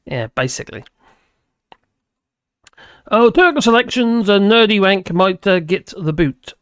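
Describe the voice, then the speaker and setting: A man's voice: high-pitched, expressive, unhurried, pauses often, fairly bright tone, clear, resonant tone, no echo, studio quality. A man hosting a live stream, chatting casually with viewers and rambling between topics while laughing often.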